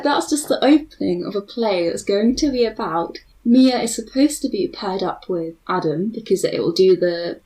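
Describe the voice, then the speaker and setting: A woman's voice: lowish voice, a little mellow, poor audio. A young woman co-hosting a writing podcast in casual chat. She giggles often and rambles. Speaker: podcast co-host.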